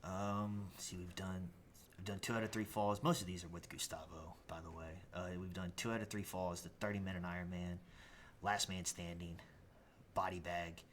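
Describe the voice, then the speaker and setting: Deep-voiced man telling wrestling stories. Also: normal speed, slight background noise. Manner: animated storyteller, laughs often. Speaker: professional wrestler guest. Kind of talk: casual storytelling interview.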